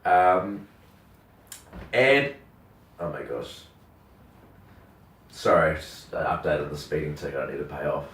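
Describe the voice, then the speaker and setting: A young man, a radio host, tells a rambling, animated story in casual chat, packed with "like" and acted-out quotes in different voices. His voice is bass and slow, with long pauses, and the roomy, distant mic adds a little hiss or hum.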